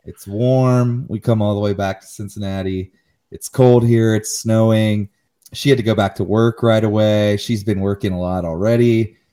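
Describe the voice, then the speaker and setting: A man's voice: fairly low pitch, fairly even intonation, moderate pace, mellow, smooth. A man co-hosting a casual podcast, ranting animatedly and swearing freely. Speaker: podcast co-host. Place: Cincinnati area.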